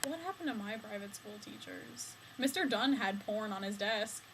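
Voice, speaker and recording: A woman's voice: mid-range voice, lively intonation, normal speed, fairly bright tone, slight background noise, poor audio. A young woman chatting casually on a vlog, telling rambling stories with frequent laughs and fillers. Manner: giggly rambling storyteller, many fillers.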